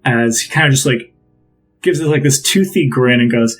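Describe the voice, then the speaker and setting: A man's voice: mid-range voice, moderate pace, fairly bright tone, soft background music, rough recording. A man narrating as game master, describing scenes in a loose, rambling way with many fillers.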